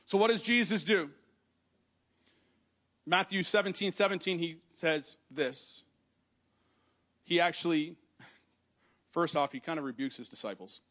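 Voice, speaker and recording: A man's voice: on the high side, a little slow, long pauses, a bit bright. A man preaching a sermon to a congregation, reading scripture aloud and explaining it in a conversational way. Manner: addresses the congregation directly. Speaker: pastor. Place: church hall with congregation.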